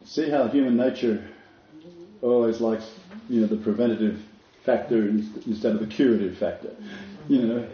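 A man's voice: fairly low pitch, normal speed. A man giving a Bible lecture in a conversational way, with many fillers and restarts, reading scripture aloud. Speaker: Bible teacher. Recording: dull, roomy hall recording.

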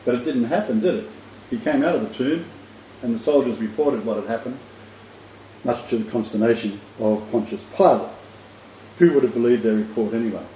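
In a mid-range voice that runs a little fast, a Bible teacher preaches and brings the story to life imaginatively. He rambles, keeps restarting and chuckles frequently. The recording has a dull, echoey room sound and faint noise.

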